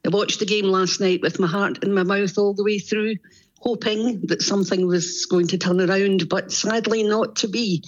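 A woman speaking as a radio guest over a remote line, softly and ruefully. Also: medium pitch, fairly even intonation, normal speed, muffled recording. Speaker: guest, exhibition founder. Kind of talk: radio interview.

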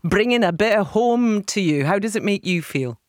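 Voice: mid-range voice, lively intonation, moderate pace, dry recording, studio quality. A radio co-host talking playfully on a talk show.

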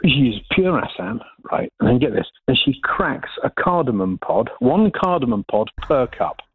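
A man phones in to a radio show and tells his story with jokes and plenty of animation. His voice rises and falls a lot and sounds a little husky. It comes through a tinny, dry phone line. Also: mid-range voice, normal speed, no room sound. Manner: jokey, animated anecdote-teller. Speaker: caller.

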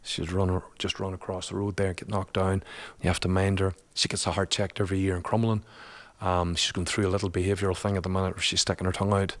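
Man, lower pitch, guest storyteller, colloquial, laughing often. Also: level tone, quick pace. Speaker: guest, father. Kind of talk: personal storytelling in conversation.

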